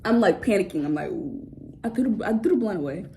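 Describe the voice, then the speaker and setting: Young woman vlogger, casual storytime delivery, slangy and profane, animated, mid pitch. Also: quick pace, gravelly, a little hiss or hum. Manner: animated storytelling, acts out others' voices; slangy, swears often.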